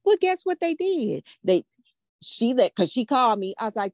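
A woman's voice: medium pitch, huge pitch swings, normal speed, darkish tone, dry recording, studio quality. An older woman hosting a podcast, telling a story to a live audience in a blunt, profane, emphatic way and asking a lot of rhetorical questions. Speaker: podcast host.

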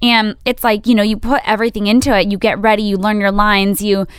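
A woman's voice: mid-range voice, flat delivery, fairly quick, clear, resonant tone, dry recording, clean studio sound. Chatty woman co-host on a podcast. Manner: chatty, thinks aloud with many "like"s. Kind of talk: casual chat.

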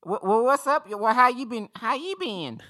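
Terrence, a squeaky Kentucky caller. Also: male voice, animated, moderate pace, sharp tone, exaggerated voice. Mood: excited. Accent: Kentucky, put on. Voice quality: very high, squeaky, breathless twang. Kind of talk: comedy call-in sketch.

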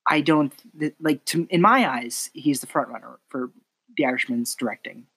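A podcast host with a slightly husky voice talks film at length. He is opinionated and chatty, and he pulls the conversation back when it drifts. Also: mid-range voice, moderate pace, bright, forceful tone. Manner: talkative, opinionated, steers the talk. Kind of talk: casual film discussion.

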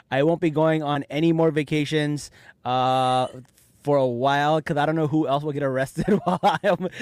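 Excitable man with a dry voice. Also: a little high, clear, resonant tone, no echo. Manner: excitable rambling storyteller. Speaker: podcast host. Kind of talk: casual podcast chat.

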